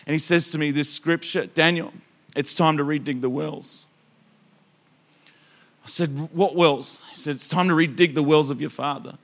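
A man preaching to a church congregation, telling animated stories that he acts out with loud bursts of emphasis. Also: on the high side, moderate pace. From Australia. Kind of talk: storytelling sermon.

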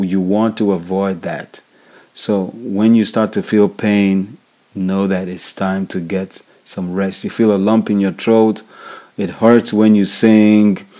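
Nigerian male podcast host, low mellow delivery, repeats key points, casual advice. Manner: repetitive, restates key points, frequent fillers. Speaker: worship leader podcast host. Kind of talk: casual instructional talk.

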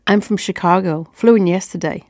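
A woman's voice: fairly low pitch, moderate pace, a little mellow, no echo, studio quality, lightly acted. A woman putting on the voice of a friendly, eager American woman from Chicago, with an American accent she puts on. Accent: American, put on.

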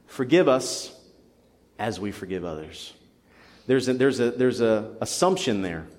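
A man's voice: fairly low pitch, big pitch swings, measured pace, darkish tone, big-room sound. A young adult man preaching a sermon in a church, earnest and building to emphatic passion. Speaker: pastor. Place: church sanctuary.

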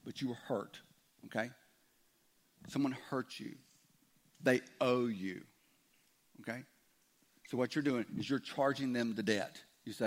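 A man's voice: mid-range voice, unhurried, long pauses. A man preaching a conversational sermon as a pastor, voicing imagined objections from his listeners.

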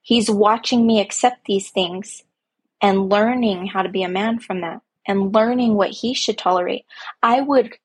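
Talking at a normal speed in a steady, slightly rough mid-range voice, a woman hosts a podcast about her own life as a parent. The monologue is heartfelt and reflective, with emphatic repetitions, and she sounds young adult to middle-aged.

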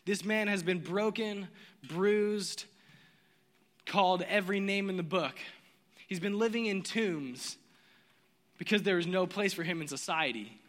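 A man preaching a sermon, telling the story with lively energy and acting out the voices of its characters. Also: sits high, a little slow, long pauses, long reverb tail. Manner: animated storytelling, acts out voices. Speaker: pastor.

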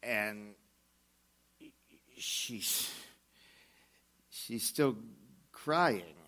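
Slow, low-voiced hesitant middle-aged man. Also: expressive, bright, forceful tone. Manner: halting, hesitant storytelling with many pauses and fillers. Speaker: auto mechanic and church elder telling a story. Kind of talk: first-person dramatic monologue.

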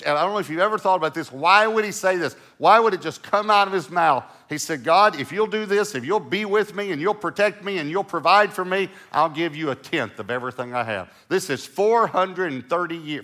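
Man, middle-aged pastor, bright forceful voice, animated sermon storytelling, hushed lows and loud bursts.

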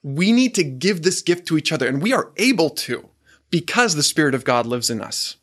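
A married man preaching a sermon, earnest and emphatic, slowing down and questioning the audience. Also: fairly high pitch, very animated, a bit bright.

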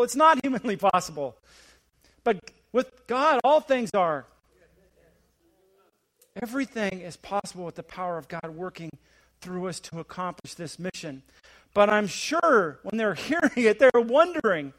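A middle-aged man preaching a sermon as a visiting pastor, building to emphatic, rising questions and then dropping to a quiet, hushed delivery. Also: big pitch swings, normal speed. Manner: swings between rising, emphatic preaching and hushed, low asides.

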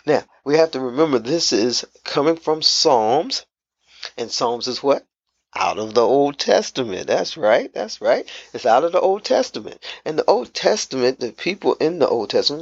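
A man preaching a devotional sermon, slow and emphatic, repeating key phrases. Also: mid-range voice, husky, no room sound, muffled recording.

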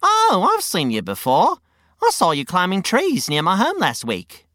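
A woman voicing an excitable young male wallaby with an Australian accent, eager and easily confused. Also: lowish voice, a little slow, dry recording, clean studio sound, exaggerated voice. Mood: curious.

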